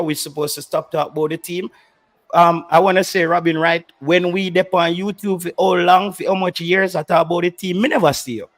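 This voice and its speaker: A young Jamaican man hosting a football channel, answering viewer comments live, switching between patois and English with a mocking, indignant manner. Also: fairly high pitch.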